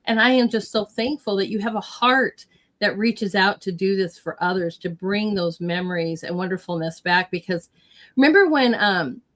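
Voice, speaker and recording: A middle-aged woman hosting a casual chat, gushing with warm, effusive praise. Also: mid-range voice, steady tone, normal speed. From United States. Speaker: host.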